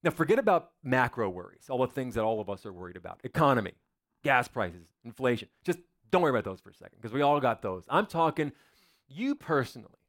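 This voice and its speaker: A man's voice: medium pitch, sing-song, quick pace, fairly bright tone. A male pastor preaching a sermon in a church, in a conversational, joking way full of rhetorical questions.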